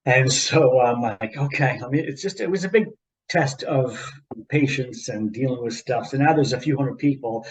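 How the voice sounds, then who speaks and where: A man co-hosting a podcast, telling a long anecdote in a rambling, animated way with repeats and asides. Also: mid-range voice, a little hiss or hum, rough recording. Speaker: podcast co-host. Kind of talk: casual storytelling chat.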